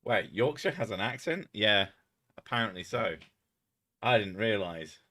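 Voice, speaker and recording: A man with a southern English accent chats loosely on his livestream, swearing freely and laughing between rambling stories. His voice sits low, with a bright, forceful edge to it. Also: animated, unhurried. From England. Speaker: streamer. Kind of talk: casual livestream chat.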